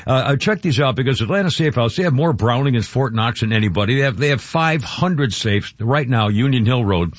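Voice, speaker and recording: A man's voice: mid-range voice, expressive, brisk, hardly any pauses, dry recording. An older man hosting talk radio, rambling through commentary and a live ad read with many fillers and restarts. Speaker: radio talk show host. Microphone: studio microphone. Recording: dull studio radio sound.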